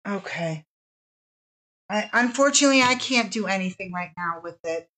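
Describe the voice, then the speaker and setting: A woman's voice: medium pitch, lively intonation, normal speed, bright, forceful tone, poor audio. A woman hosting a live-streamed fabric sale, chatting casually, gushing over the fabrics and apologizing often.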